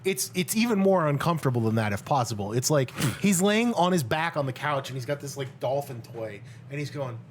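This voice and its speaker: A man's voice: medium pitch, expressive, a little fast, hardly any pauses, slight background noise. A man co-hosting a podcast, chatting casually and telling a story loosely, with plenty of swearing and laughter. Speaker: podcast co-host. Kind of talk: casual chat.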